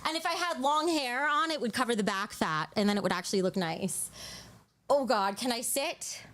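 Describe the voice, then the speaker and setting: Woman streamer, casual chat, bubbly and crude, out of breath at times, high voice, swooping pitch. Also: normal speed. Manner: bubbly, crude, joking, animated. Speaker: livestream host.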